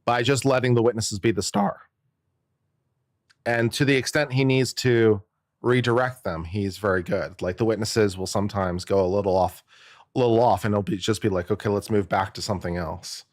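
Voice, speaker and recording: A man's voice: lowish voice, moderate pace, no echo, clean studio sound. A man, an attorney, giving casual and jokey live-stream commentary, musing aloud and often repeating himself.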